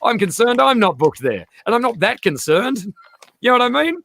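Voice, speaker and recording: An Australian man hosting a casual comedic stream chat, animated and swearing, often slipping into quoted voices. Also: very high-pitched, moderate pace, vocal fry. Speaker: comedian host.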